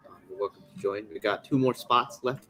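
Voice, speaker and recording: A man hosting a podcast in a relaxed, hesitant way, passing on messages from the chat. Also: lowish voice, a little fast, soft background music, rough recording. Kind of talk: casual chat.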